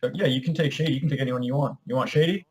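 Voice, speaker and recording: A man's voice: medium pitch, racing, darkish tone, low-quality recording. Brash, cursing man trash-talking. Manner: brash, profane trash talk; stumbles over words. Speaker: podcast co-host. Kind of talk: casual sports banter.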